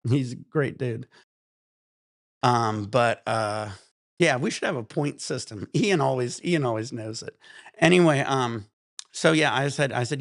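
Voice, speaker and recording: A cannabis stream host in his thirties runs a casual livestream, chatting with viewers and telling rambling, profane stories with frequent laughs. His medium-pitched voice is creaky and measured in pace, recorded cleanly in a studio with no echo.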